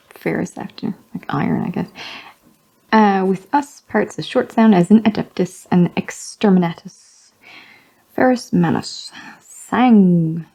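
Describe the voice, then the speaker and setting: A woman with a husky, low-toned voice reads a magazine aloud slowly. She sounds out each word, tries it again, and corrects herself with quiet amusement. She reads as a hobby vlogger reading aloud with commentary.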